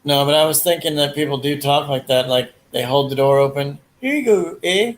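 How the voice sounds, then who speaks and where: Completely flat in delivery, this man talks a little fast in a medium pitch while hosting a livestream. Crude jokes and heavy fillers run through his rambling casual chat, and the recording is rough.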